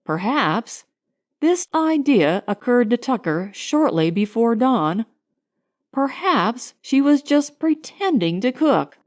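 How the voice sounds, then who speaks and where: Reading a lighthearted romantic comedy audiobook, a woman with a rather high voice takes her time and brings plenty of expression to the storytelling.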